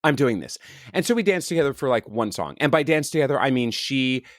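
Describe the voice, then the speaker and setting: A middle-aged man co-hosting a chatty podcast, his pitch swinging widely as he tells a story. He slips into playful voices for the people in it. The sound is close and dry. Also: fast, dry recording. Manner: animated storyteller, acts out quotes in voices. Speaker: podcast co-host. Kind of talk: casual chat.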